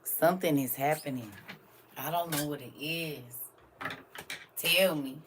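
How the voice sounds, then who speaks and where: This middle-aged livestream host has a deep voice and takes her time, with slight noise in the background. Talking casually to viewers, she gets emotional and animated, laughs often, and alternates between thoughtful quiet and loud exclamations.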